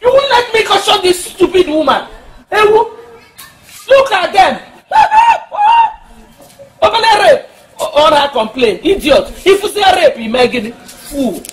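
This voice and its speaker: An actress with a Nigerian accent playing a scornful, loud mother in a family quarrel, shouting and mocking. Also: extremely high pitch, sing-song, normal speed, slight background noise. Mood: angry. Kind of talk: Nollywood film acting.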